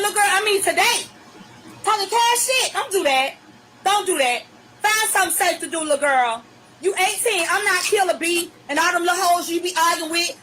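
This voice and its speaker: A middle-aged woman from Virginia with a Virginia accent, ranting profanely and bluntly into her phone on a live stream, often breaking into shouting. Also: very high-pitched, slight background noise, low-quality recording. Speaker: livestreamer. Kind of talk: angry live-stream rant.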